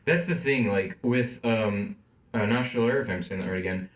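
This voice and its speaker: A man's voice: lowish voice, moderate pace. A man co-hosting a casual amateur film podcast, rambling and filling with "like" as he chats. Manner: rambling, heavy use of "like". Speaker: podcast co-host. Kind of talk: casual chat. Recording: roomy echo.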